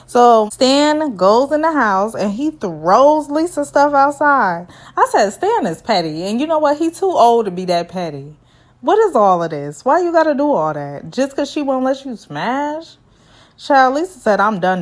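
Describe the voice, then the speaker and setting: A woman recapping a reality show in a casual, sassy, teasing way, with lively asides. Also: high-pitched, unhurried. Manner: sassy, animated, playful teasing.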